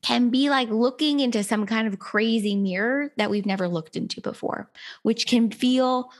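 A woman's voice: fairly high pitch, moderate pace. A woman hosts a conversational podcast, reflecting thoughtfully on what her guest has shared. Her tone is affirming and sincere. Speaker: podcast host.

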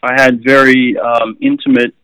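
A man's voice: medium pitch, flat delivery, normal speed, pushed and bright, clean tone, no room sound, poor audio. A middle-aged Australian man, a swimming coach, telling stories casually with many fillers and chuckles. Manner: rambling, with frequent fillers and chuckles. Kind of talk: casual storytelling.

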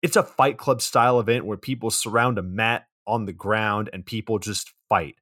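A man's voice: on the low side, steady tone, moderate pace, a bit bright, no echo, studio quality. A man co-hosting a podcast, walking through a movie's plot in a matter-of-fact way with casual swearing. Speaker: podcast co-host.

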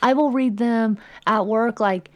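A woman's voice: fairly high pitch, a little slow, dry recording. A woman co-hosting a podcast in casual chat, talking in a chatty way and acting out what people said. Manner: chatty, animated retelling. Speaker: podcast co-host.

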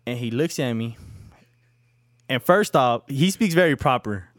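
A man telling a story in casual chat among friends, animated, swearing freely and acting out what others said. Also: mid-range voice, unhurried, dry recording, studio quality. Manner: animated storytelling, heavy swearing, acts out quotes. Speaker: podcast co-host telling a story.

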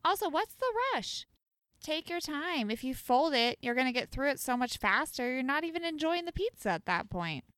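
A young woman co-hosting a casual chat show, giving animated, opinionated takes on food habits. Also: high voice, moderate pace, dry recording, clean studio sound. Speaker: podcast co-host.

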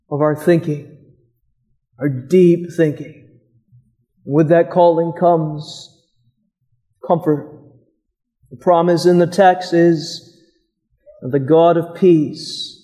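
A man preaching a sermon as pastor, slow and deliberate, pausing for emphasis on single words. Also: fairly high pitch, dark tone. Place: church.

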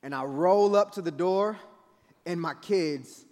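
Guy preaching, funny animated storytelling, high voice, big echoey hall. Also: slow. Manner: animated, dramatic retelling with acted-out voices. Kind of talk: comic sermon storytelling. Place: large event hall. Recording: reverberant large hall.

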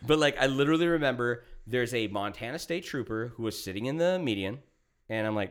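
A man's voice: medium pitch, fast, clear, resonant tone. Male podcast host in his thirties, casual and profane storyteller. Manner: profane, animated, acts out quotes.

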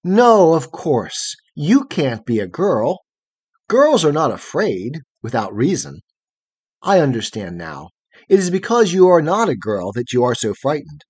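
A man lifting his voice to play a wide-eyed young girl raised in darkness, soft and earnest, always asking questions. Her tone is husky and airy, with the pitch climbing lightly on each wondering phrase. She sounds like a storybook heroine meeting the world for the first time. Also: big pitch swings, measured pace, exaggerated voice. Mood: gentle, wondering.

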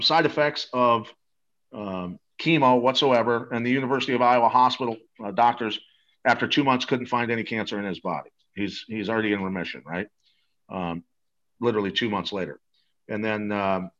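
A man's voice: medium pitch, a bit bright. Eager rambling man on dull audio. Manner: eager, rambling, salesy, many restarts. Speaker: guest promoting a supplement. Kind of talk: casual interview talk.

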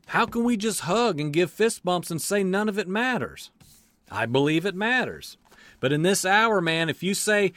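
A man's voice: high-pitched, big pitch swings, normal speed, fairly bright tone, dry recording. A man preaching an earnest, impassioned sermon to his listeners in an emphatic way.

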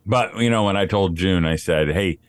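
Low-voiced man telling rambling stories. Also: normal speed, clean tone, no echo, studio quality. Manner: rambling storyteller, acts out quotes. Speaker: podcast co-host. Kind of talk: casual chat.

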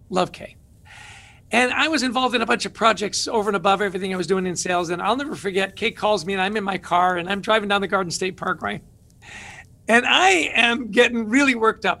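Energetic male guest author with a high, gravelly voice, animated storyteller. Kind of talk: interview conversation.

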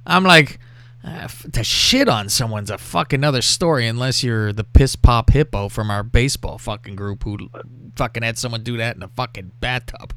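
A man's voice: medium pitch, moderate pace, smooth, no echo. A man hosting a podcast, telling a crude story with lots of swearing and acting out what people said. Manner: profane, animated, acts out quotes. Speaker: podcast host.

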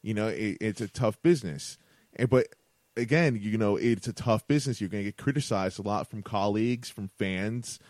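A man's voice: lowish voice, a little mellow, no room sound. A man co-hosting a casual podcast, often stumbling and repeating words as he thinks aloud. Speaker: podcast co-host. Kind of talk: casual chat.

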